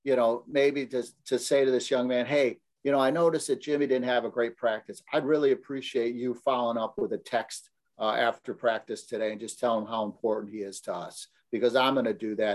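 A man hosting a podcast who talks like a seasoned coach. He lays out his points with earnest, confident emphasis, in a voice of ordinary middle pitch. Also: darkish tone. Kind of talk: casual discussion on leadership.

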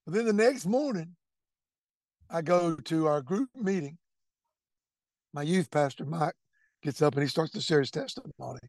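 A man's voice: on the high side, expressive, normal speed, long pauses, a little mellow, no echo. A middle-aged man, earnestly telling his faith testimony and repeating words as he goes. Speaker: testimony speaker. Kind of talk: personal testimony storytelling.

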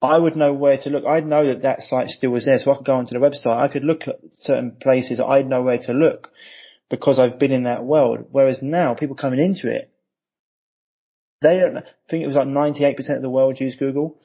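Chatty husky male podcast host. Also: mid-range voice, fairly even intonation, brisk. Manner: chatty, swears, jokey asides. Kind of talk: casual podcast conversation. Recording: dull lo-fi audio.

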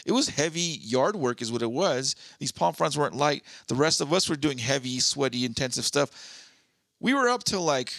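A man's voice: mid-range voice, moderate pace, creaky, no echo. A man co-hosting a casual podcast, talking in an easygoing way and often chiming in with short agreements. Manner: relaxed, chimes in with short agreements. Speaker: podcast co-host. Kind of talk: casual chat.

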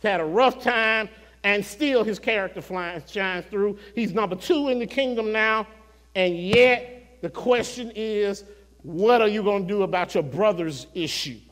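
In an echoing church sanctuary, a man with a high voice preaches a sermon, shouting at its peaks. He addresses the congregation directly with call-and-response, dropping at times into slow, soft murmurs.

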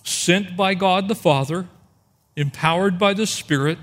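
A man preaching a sermon, reading verses aloud and asking rhetorical questions, slowing down to stress key phrases. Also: high voice, fairly bright tone. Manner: expository preaching, rhetorical questions, slows for emphasis. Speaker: pastor.

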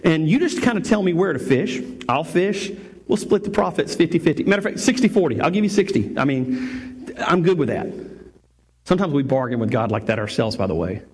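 A male pastor delivers a sermon in a lively, chatty, joking way. His voice sits a bit high and has a husky edge. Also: fairly quick. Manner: animated, conversational, jokey preaching.

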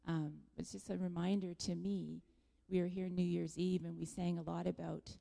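A woman gives a reflective, encouraging testimony to a church group. Her voice is low and gravelly with a dark, mellow tone. The long reverb of a large hall hangs around her words. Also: flat delivery, moderate pace.

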